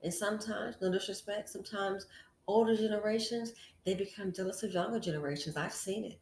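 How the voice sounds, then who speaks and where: A woman's voice: mid-range voice, fairly even intonation, fairly quick, darkish tone, a little hiss or hum. A woman hosting a casual commentary vlog, talking frankly and chattily straight to her female viewers. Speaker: channel host. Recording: echoey room.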